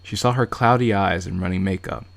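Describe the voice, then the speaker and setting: A man's voice: low voice, fairly quick, vocal fry. A man streaming a game, reading its narration aloud and breaking off for joking asides. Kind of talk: casual live-stream read-through.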